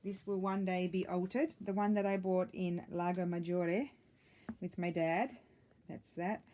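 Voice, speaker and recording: Low, mellow-voiced woman chatting excitedly. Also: measured pace, slight background noise. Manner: excited, rambling, many ums and self-corrections. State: a little out of breath. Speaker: craft vlogger. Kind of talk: casual chatty flip-through.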